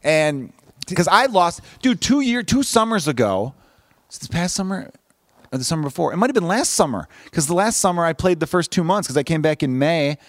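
A man's voice: fairly high pitch, big pitch swings, moderate pace, fairly bright tone, no echo, studio quality. A man hosting a podcast in casual chat, rambling and profane, often restarting his sentences. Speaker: podcast host.

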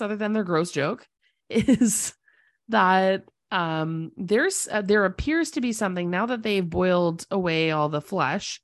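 A woman co-hosting a podcast, recapping a TV episode in casual chat, excitable and quick to exclaim, laughing mid-sentence. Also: mid-range voice, no room sound, clean studio sound. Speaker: podcast co-host.

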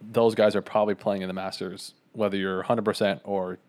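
A man's voice: on the low side, little pitch movement, a little fast, darkish tone. A young man co-hosting a podcast, talking in a laid-back, rambling, slangy way. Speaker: podcast co-host. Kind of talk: casual chat.

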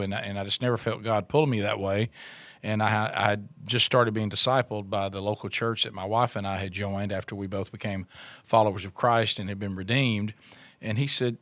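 A man's voice: lowish voice, fairly even intonation, moderate pace, fairly bright tone, no echo. A middle-aged man, a radio co-host telling his story in an interview, rambling with restarts and fillers.

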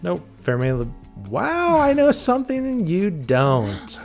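A Pennsylvania-raised man co-hosts a horror podcast, speaking slowly in a high, gravelly voice with huge pitch swings as faint music plays behind him. In casual banter, he teases his co-host, swears freely and laughs often.

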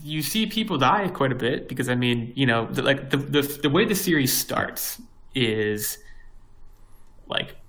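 A man's voice: mid-range voice, lively intonation, a little slow, a bit bright, low-quality recording. Casual rambling young man. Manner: rambling, many fillers and restarts. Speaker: podcast co-host. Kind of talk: casual chat.

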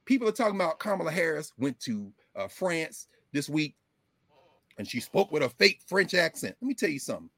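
A man with a fairly high, lively voice holds forth on politics, emphatic and folksy. His pitch rises and falls a lot as he talks. The sound is dry and close, with no room echo. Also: a little fast. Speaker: political commentary host. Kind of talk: casual political commentary.

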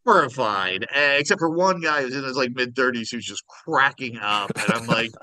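A middle-aged man from Minnesota co-hosts a casual podcast over a video call, animatedly telling a story and acting out the voices in it. His voice is mid-range and bright with a forceful tone, at normal speed. The recording is dry and rough.

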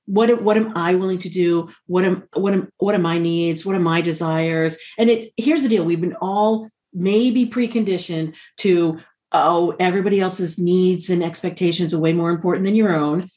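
A woman talking as a podcast guest in an emphatic, animated way, speaking over a video call. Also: lowish voice, normal speed. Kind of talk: casual podcast conversation.

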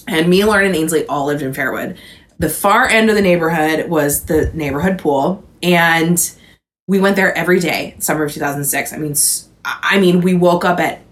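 A woman in her twenties from Houston, Texas, co-hosts a podcast, chatting casually. She rambles, saying "like" a lot and swearing often, in a voice on the low side at normal speed.

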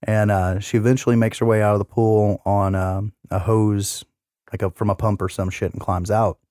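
A man's voice: lowish voice, normal speed, no room sound, studio quality. A man hosting a casual podcast, recapping a movie scene by scene with lots of swearing and acted-out quotes. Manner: profane, animated retelling with acted-out quotes. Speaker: podcast host.

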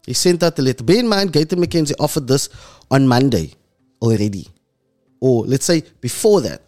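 A man's voice: lively intonation, moderate pace, soft background music. Impassioned South African man. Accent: South African English. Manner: impassioned, voice drops low and soft when moved. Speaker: host. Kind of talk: emotional commentary monologue.

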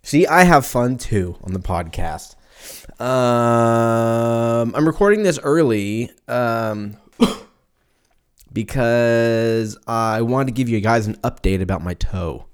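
A man in his twenties from Southern California hosts a casual solo podcast, rambling, joking and swearing freely. His medium-pitched voice is animated and clean in tone, and he takes it slowly.

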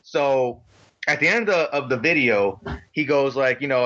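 A man co-hosting a podcast, telling an animated story in a casual, excitable, slangy way. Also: medium pitch, moderate pace, dull audio. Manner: excitable, slangy, retells with quoted voices. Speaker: podcast co-host.

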